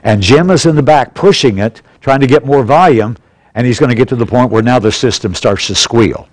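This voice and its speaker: A man's voice: medium pitch, fairly quick, no room sound, poor audio. Plain-spoken man teaching, dry sound. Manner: plain, instructive, repeats key points. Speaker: church leadership class teacher. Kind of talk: practical classroom lesson. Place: church auditorium. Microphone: stationary pulpit mic.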